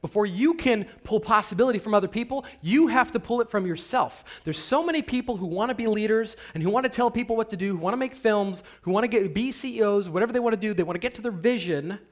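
A man giving a motivational seminar talk to an audience, asking them questions and swinging from hushed whispers to loud, emphatic bursts. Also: high voice. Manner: addresses the audience directly with rhetorical questions. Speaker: motivational speaker.

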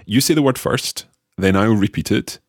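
A man hosting a podcast language lesson, carefully and slowly repeating phrases after his co-host. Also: on the low side, no echo, studio quality. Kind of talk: friendly scripted lesson banter.

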